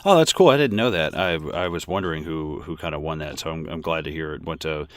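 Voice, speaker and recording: A man's voice: a bass voice, fast, dry recording, clean studio sound. A man co-hosting a casual movie podcast, rambling with lots of fillers and restarts. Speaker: podcast co-host.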